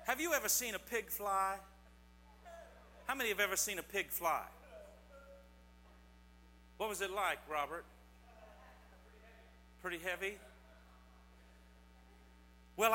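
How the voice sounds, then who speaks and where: A man's voice: sits high, lively intonation, takes it slowly, long pauses, bright, forceful tone. A man giving a children's sermon in a church, telling corny jokes and quizzing his audience in a playful, teasing way. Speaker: pastor giving a children's message. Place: church sanctuary. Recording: long church hall reverb, faint mains hum.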